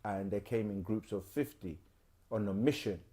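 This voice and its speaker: Guy hosting a live q&a, low mellow voice, loose rambly explaining. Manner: loose, unhurried, many fillers. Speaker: host of a live Q&A stream. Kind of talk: casual explanatory talk.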